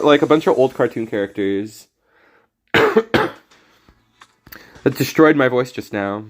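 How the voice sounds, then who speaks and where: A man's voice: medium pitch, lively intonation, measured pace, long pauses. A young man streaming a card game, talking in a laid-back, jokey way and often mumbling his asides. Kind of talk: casual gameplay commentary. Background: faint music.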